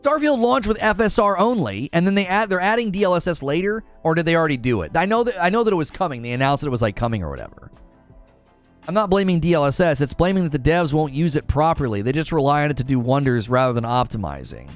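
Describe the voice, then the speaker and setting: A man hosting a casual gaming livestream, talking in an animated, exasperated rant to his chat. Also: a little high, fast, soft background music.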